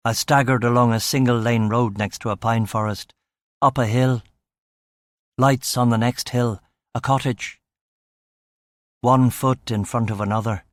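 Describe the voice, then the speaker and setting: A man's voice: mid-range voice, no echo. A man narrating a first-person crime novel in clipped, terse fragments. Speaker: audiobook narrator.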